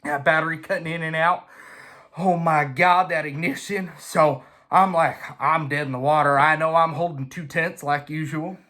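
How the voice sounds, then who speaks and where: A bright-voiced man spinning a profane, rowdy drag racing yarn, jumping between a low mutter and sudden shouted imitations. His delivery is animated and comic, with lots of swearing and playful voices. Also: moderate pace. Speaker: drag racer telling a race story. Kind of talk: profane storytelling monologue.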